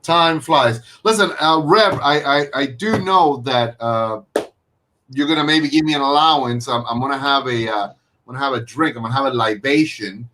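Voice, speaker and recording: A man's voice: mid-range voice, moderate pace, bright, forceful tone, a little hiss or hum. A man hosting a casual live video-call chat, rambling with frequent fillers and restarts. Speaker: host.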